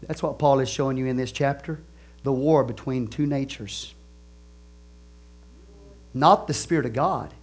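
A man preaching a sermon as pastor, animated, swinging between soft asides and loud exclamations, stretching key phrases slowly. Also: medium pitch, slightly rough. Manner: laughs and asks the congregation questions.

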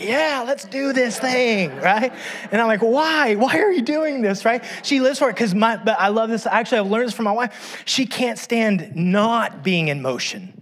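A middle-aged man delivers a sermon in a relaxed, talky way. His voice sits a little high. He keeps turning to the listeners with quick asides and pokes fun at himself. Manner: conversational preaching with frequent "right?" asides and self-deprecating humor. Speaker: pastor.

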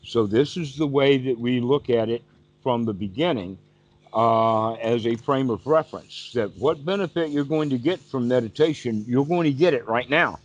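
Male meditation teacher, mid-pitched, calm repetitive explainer; dull lo-fi call recording. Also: normal speed. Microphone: video call. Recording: dull, dry lo-fi call audio.

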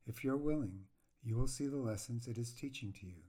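A frank, caring woman friend gives hard counsel, stern yet gentle in her coaxing, as a man reads her lines aloud. The voice sits at a middle pitch and moves at a slow, even reading pace. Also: lightly acted.

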